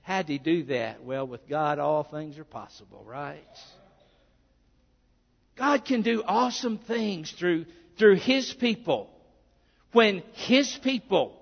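Unhurried yet animated, the Arkansas pastor delivers his sermon with a high, gravelly voice and an earnest, conversational style full of asides. A long church-hall reverb trails his words on a dull, muffled recording.

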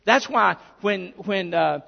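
Speaking at a slow pace but with animation, a male pastor from Arkansas, US, preaches in a high, gravelly voice. His sermon is earnest and conversational with many asides, and long church-hall reverb trails through the dull, muffled audio.

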